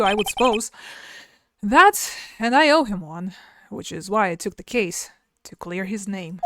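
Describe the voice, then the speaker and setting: A woman's voice: mid-range voice, very noisy, voice pushed down. A woman voicing an earnest young male rookie defense lawyer, reading the game text aloud.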